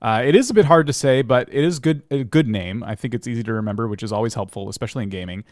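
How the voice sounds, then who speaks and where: A man's voice: medium pitch, rapid-fire, a little mellow, no room sound, studio quality. A man co-hosting a livestream, reviewing channels in an easygoing, advisory way. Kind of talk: livestream casual chat.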